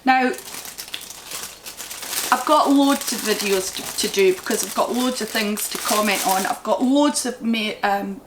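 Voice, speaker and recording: A woman's voice: medium pitch, a little slow, noisy background. A woman with a Scottish accent chatting casually at home about yarn she bought, rambling and enthusiastic as she goes. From Scotland. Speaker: crochet vlogger. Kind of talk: casual yarn haul chat. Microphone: camera mic.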